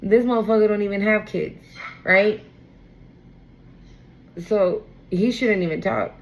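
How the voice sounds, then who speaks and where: A woman's voice: mid-range voice, unhurried, low-quality recording. A woman giving a casual spoken tarot reading, talking bluntly with slang and free swearing. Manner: animated, acts out quoted voices. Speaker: tarot reader.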